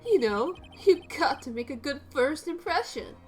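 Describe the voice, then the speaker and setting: A woman voicing a flamboyant young male magician who talks in a slow, drawling, theatrical way. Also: sits high, expressive, darkish tone, soft background music, pitched above the performer's own voice.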